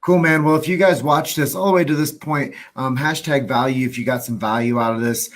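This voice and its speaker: A man's voice: mid-range voice, fairly even intonation, brisk. Chill guy hosting a live podcast, easygoing, lots of uhs and ums. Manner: laid-back, filler-heavy, promotional sign-off. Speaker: podcast host. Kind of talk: casual live podcast chat.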